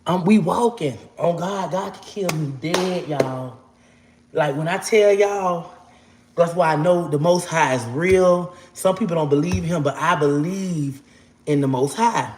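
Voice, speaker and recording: A woman's voice: sits low, darkish tone. Emphatic woman telling a story in an echoey room. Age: 40s. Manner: emphatic, swears oaths to God, addresses viewers as y'all. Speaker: storyteller vlogger. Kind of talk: casual storytime monologue.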